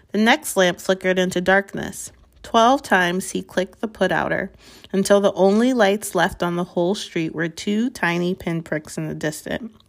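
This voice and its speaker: A woman reading a novel chapter aloud in a measured way, with small slips and restarts. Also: mid-range voice. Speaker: reader.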